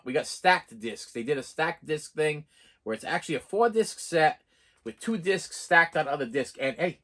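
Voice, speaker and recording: A man with a Boston accent rambling excitedly through a casual unboxing vlog and talking straight to his viewers. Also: on the high side. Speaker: physical media collector unboxing.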